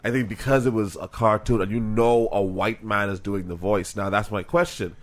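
Low-voiced co-host from the Bahamas, rambling and swearing, casual talk. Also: male voice, steady tone, normal speed. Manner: rambling, profane, thinking aloud. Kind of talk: casual chat.

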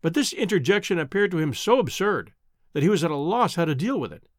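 A man reading a classic novel aloud as an audiobook narrator, measured and expressive. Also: a little high, dry recording, clean studio sound.

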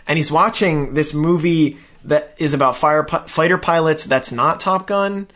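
A man in casual podcast chat, retelling scenes with lively quoted voices. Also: a little high, normal speed. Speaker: podcast co-host. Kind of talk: casual chat recapping a show.

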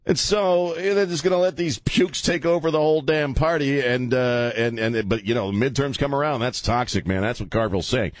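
Blunt, rambling talk radio host. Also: male voice, medium pitch, a little fast, few pauses, no room sound. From Louisiana. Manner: blunt, rambling, animated, swings loud. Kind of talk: opinionated talk radio monologue. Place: radio studio.

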